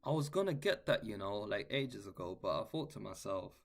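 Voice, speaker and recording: A man's voice: fairly low pitch, big pitch swings, brisk, vocal fry. A man, a guitar teacher, answering chat questions in a casual livestream, laid-back and saying "bro" and "man" a lot.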